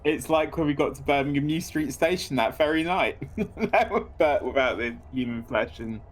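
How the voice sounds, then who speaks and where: A man's voice: fairly high pitch, lively intonation. Rambling man chatting over a game. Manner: rambling, halting, lots of fillers. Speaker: co-host of a game playthrough. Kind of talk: casual chat over gameplay.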